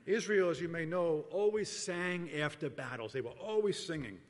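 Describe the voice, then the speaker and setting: A middle-aged man preaching a sermon as pastor, telling a personal story in an earnest, measured way and often repeating phrases. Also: fairly high pitch, expressive. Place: church sanctuary. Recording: long reverb of a large hall.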